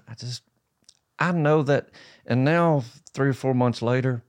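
A man's voice: medium pitch, a little slow. A middle-aged man, a pastor, hosting a casual interview; he speaks expressively and laughs easily. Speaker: pastor, host.

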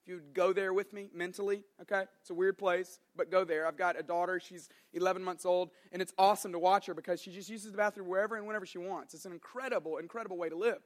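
Young man, pastor, sermon, high voice, animated, joking storyteller. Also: quick pace, few pauses.

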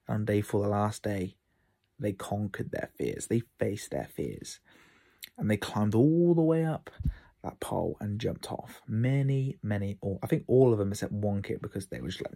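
A man hosting a casual solo podcast from his room, an outdoor camp instructor telling animated stories and acting out the kids' voices. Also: lowish voice, normal speed, gravelly, slightly rough.

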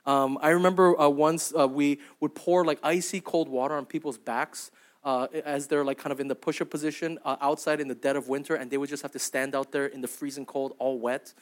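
A man's voice: a little high, steady tone, brisk. A young adult man preaching a sermon as pastor, in a conversational, storytelling way that keeps checking in with "right?" and "okay?". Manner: acts out quoted voices in anecdotes.

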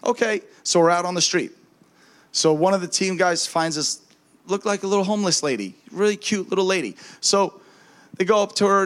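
A man preaching as a minister, telling a lively testimony story and acting out the voices of the people in it, often with a laugh. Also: high voice, fairly quick. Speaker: traveling minister.

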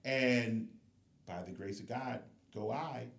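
A man telling a personal story in casual conversation as a podcast guest, animated and acting out the people he quotes. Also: mid-range voice, takes it slowly, creaky, echoey room. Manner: lively storyteller who acts out the voices of people he quotes.

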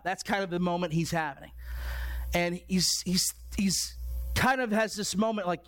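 High-voiced earnest preacher, a man. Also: normal speed, a bit bright. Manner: earnest, repeats words as he builds his point. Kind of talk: sermon.

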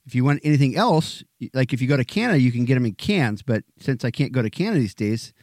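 An easygoing man co-hosts a podcast, chatting loosely and laughing along. His pitch moves freely, and the sound is dry and close. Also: expressive, fast talker, darkish tone, dry recording. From Midwest US. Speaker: podcast co-host. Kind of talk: casual chat.

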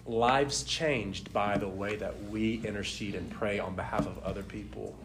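A young man telling a personal faith testimony in a casual, animated way, laughing often and filling his talk with "like". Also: lowish voice, normal speed, a little hiss or hum. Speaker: speaker sharing a testimony.

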